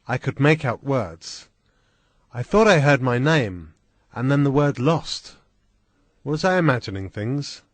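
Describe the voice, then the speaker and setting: A man reading a first-person adventure story aloud in a slow, deliberate, plain manner. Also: medium pitch, lively intonation, no echo. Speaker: audiobook reader.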